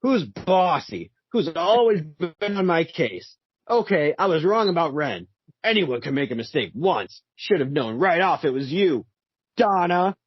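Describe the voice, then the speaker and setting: A man voicing a brash, hotheaded young male superhero, reading the comic lines slowly and deliberately. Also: a little high, sing-song, husky, no echo, pitched above the performer's own voice, full character voice. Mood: musing. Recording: dull, dry, lo-fi.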